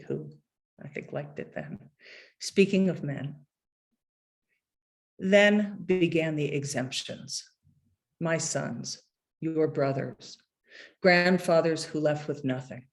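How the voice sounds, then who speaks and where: A middle-aged woman poet reading her poems aloud at a book launch, measured and deliberate, with hesitant asides between pieces. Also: low voice, a little mellow. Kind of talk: poetry reading.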